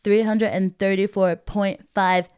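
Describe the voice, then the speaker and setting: A woman's voice: mid-range voice, flat delivery, unhurried, a little mellow, smooth. A woman from Texas, a comedian chatting as a guest on a podcast, rambling and self-deprecating, often laughing. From Texas, USA. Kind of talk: casual podcast chat.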